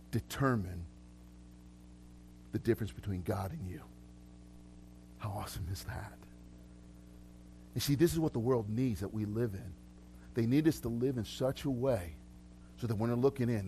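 A man's voice: medium pitch, darkish tone, slight background noise. A man preaching a sermon as pastor, talking conversationally with repeated words and frequent laughs. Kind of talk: sermon with prayer ministry.

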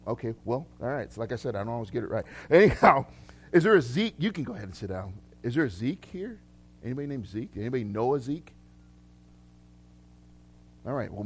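A man's voice: medium pitch, slightly rough. A man preaching a casual sermon to a congregation, chatty and loose, often laughing and restarting his sentences. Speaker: pastor. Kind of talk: casual live sermon with prophetic words. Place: church hall with congregation.

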